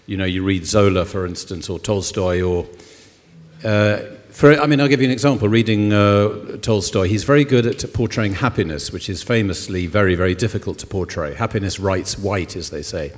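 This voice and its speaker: An older man, a novelist, talking thoughtfully on stage at a literary festival, pausing often with ums. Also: fairly low pitch. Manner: thoughtful, hesitant with many ums. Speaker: novelist guest. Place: concert hall on stage. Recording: long hall reverb.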